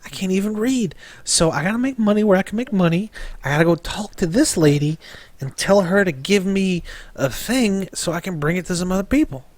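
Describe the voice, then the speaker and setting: A man's voice: high-pitched, lively intonation, fairly quick, no room sound. Man voicing a stammering dim-witted errand runner. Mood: nervous. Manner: rambling, stammering restarts. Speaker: game master. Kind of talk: voicing a character in a tabletop game.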